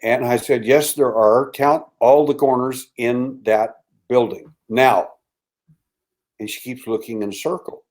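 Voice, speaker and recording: Telling a story as an interview guest, an older man speaks animatedly, performs the voices he's quoting, and drops into a hushed tone. His medium-pitched voice moves a little slowly.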